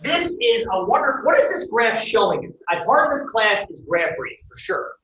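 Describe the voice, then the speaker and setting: A man teaching a college class, lively and quizzing his students with questions. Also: extremely high pitch, moderate pace, a little hiss or hum. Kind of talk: classroom lecture. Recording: echoey room, distant dull mic.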